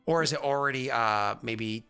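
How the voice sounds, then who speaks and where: A man's voice: mid-range voice, moderate pace, sharp tone, smooth, faint music behind. A man running a tabletop game as game master, chatty and rambling, with many fillers.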